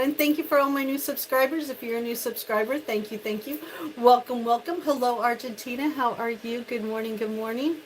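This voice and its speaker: A woman's voice: on the high side, fairly quick. An older woman hosting a casual live-stream cooking chat from her home kitchen, chatty and bubbly, greeting viewers by name. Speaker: livestream host.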